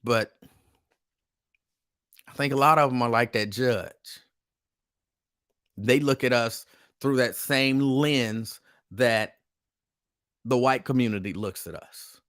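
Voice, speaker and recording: A man's voice: mid-range voice, takes it slowly, long pauses, a bit bright. A man hosting a casual live stream, talking in an emphatic, repetitive, conversational way. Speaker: host.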